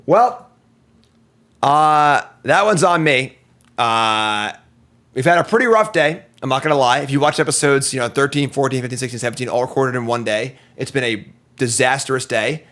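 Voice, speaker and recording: A man talks through a card game in a casual, running commentary, and his pitch and delivery sit right in the middle of the normal range. He sounds worn out after hours of streaming and keeps breaking into exasperated, self-deprecating outbursts. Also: fairly quick, a bit bright. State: worn out after a long session.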